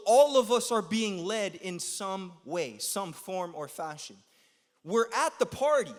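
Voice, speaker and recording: A young man giving a youth sermon, telling a story in an animated, slangy way and laughing as he goes. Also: high-pitched. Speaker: youth speaker. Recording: long hall reverb.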